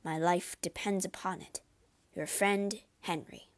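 A man's voice: high voice, fairly even intonation, a little slow. A woman voicing a shaken, frightened male doctor who speaks in a trembling voice, in a storybook reading. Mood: storytelling. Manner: trembling, fearful.

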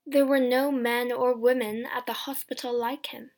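A woman narrating a graded-reader novel, reading slowly and clearly. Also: a little high, flat delivery, a little mellow. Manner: slow, clear, carefully paced reading. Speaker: audiobook narrator.

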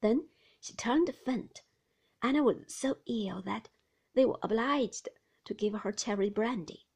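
A woman narrating a classic novel in a hushed, slow storybook reading. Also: a little high, husky.

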